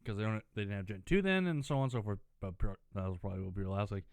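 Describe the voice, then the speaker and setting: A man talks over a game in a loose, rambling, chatty way, stopping often to clear his throat. His throat is dry, so his voice sits a little lower than usual, yet it stays smooth and clear. The sound is close and dry, with no room echo. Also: racing. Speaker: gaming channel host. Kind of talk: casual gameplay commentary.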